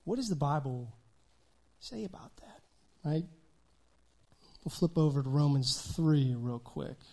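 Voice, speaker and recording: A man preaching a sermon in a conversational style, often checking in with "right?" and swinging between loud emphasis and quiet asides. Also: a little high, expressive, measured pace, vocal fry. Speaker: pastor.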